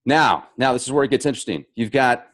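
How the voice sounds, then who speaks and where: Animated joking male show host. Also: medium pitch, fast talker. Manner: jokey, animated, mock-dramatic. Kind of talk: reading and riffing on viewer comments.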